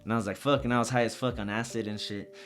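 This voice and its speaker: A young man, a rapper, telling a wild personal story in a casual, profane, animated way. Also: mid-range voice, rapid-fire, soft background music. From Socorro. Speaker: rapper guest.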